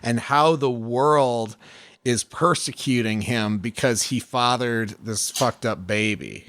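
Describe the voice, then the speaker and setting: A man co-hosting a podcast, speaking hesitantly as he searches for his words, in casual chat. The sound is dry and close, with no room around it, and his pitch is ordinary. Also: slow pace, fairly bright tone, no room sound. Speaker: podcast co-host.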